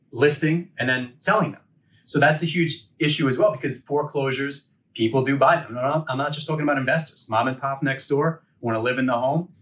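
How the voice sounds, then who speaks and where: Here a forties-aged instructor talks through a continuing education lesson, firing rhetorical questions and regularly checking with "right?" and "okay?". His voice is mid-range and a touch bright. The recording places him a little away from the microphone.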